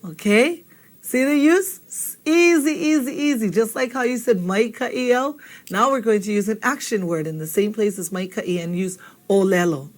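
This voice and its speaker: A woman's voice: fairly high pitch, moderate pace. A woman teaching a spoken language lesson, patient and encouraging, often checking in with the learner. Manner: patient, repeats and checks in with "okay?".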